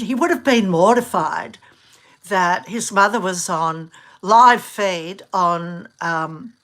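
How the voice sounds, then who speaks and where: A middle-aged woman from Australia talks in a loose, rambling vlog chat, often stopping to restart a sentence and breaking into laughter. Her voice is bright and sharp-edged, sitting at an ordinary pitch for a woman. The delivery is animated and conversational. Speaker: vlogger. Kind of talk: casual chat.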